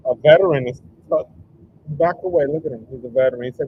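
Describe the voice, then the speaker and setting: A man's voice: mid-range voice, quick pace, narrow, tinny audio, a little hiss or hum. A man reacting to videos on a live stream, casual and slangy with wry asides.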